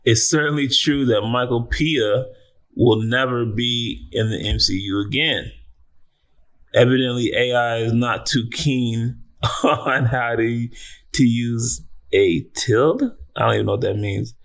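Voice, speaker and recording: A man's voice: a little slow, creaky. A man riffing on a commentary vlog in loose, slangy talk. His voice sits in the middle of the usual male range but jumps sharply upward when he gets worked up, and he curses and laughs along the way. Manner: animated, exclaims in sudden high bursts, laughs often; slangy, swears freely. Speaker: entertainment news host.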